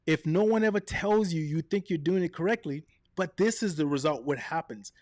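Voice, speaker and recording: Man, live online coach, slightly high voice, energetic, direct, dry close mic. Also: no echo. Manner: energetic, varies his voice up and down, quick asides; direct, often asks "right?" and "okay?". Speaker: presenter of a live video workshop.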